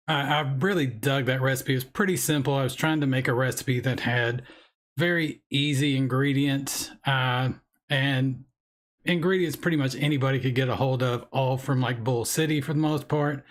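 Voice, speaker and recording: A man with a hoarse voice and a frog in his throat, hosting a live stream in a loose, rambling, chatty way. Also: medium pitch. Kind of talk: casual live-stream chat.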